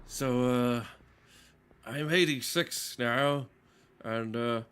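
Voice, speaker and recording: A man doing an impression of a rambling elderly male film star giving a speech, halting and full of pauses. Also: mid-range voice, fairly bright tone, smooth.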